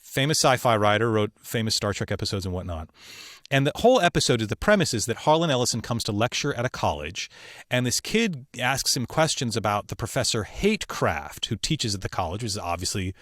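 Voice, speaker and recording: A man, a voice actor as a podcast guest, telling studio stories in a lively way, laughing and acting out the voices of the people he quotes. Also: on the low side, a little fast, no room sound. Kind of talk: animated storytelling in conversation.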